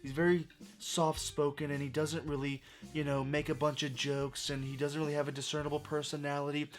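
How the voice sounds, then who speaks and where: A man putting on a meek, soft-spoken recluse. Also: on the high side, level tone, quick pace, natural voice. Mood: subdued. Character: sheltered, reserved, soft-spoken young man.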